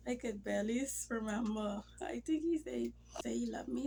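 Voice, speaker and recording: Gravelly-voiced woman vlogging casually. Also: a little high, normal speed, dark tone, slight background noise. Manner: rambling, emotional, drops into near-whispers. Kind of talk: casual talk to camera. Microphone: phone or camera mic.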